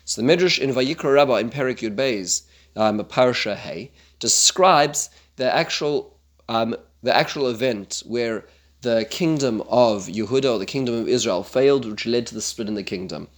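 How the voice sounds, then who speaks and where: Male Torah teacher, mid-pitched, halting delivery with frequent restarts, livens up on quotes. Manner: halting, many fillers and restarts, grows animated when quoting. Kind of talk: casual Torah class.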